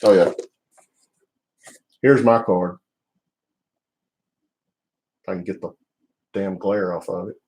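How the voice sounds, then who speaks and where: Laid-back Southern man, low voice. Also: steady tone, slow, long pauses, darkish tone, poor audio. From United States. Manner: rambling, restarts often, laid-back. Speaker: live stream host. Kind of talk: casual live stream chat. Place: home office.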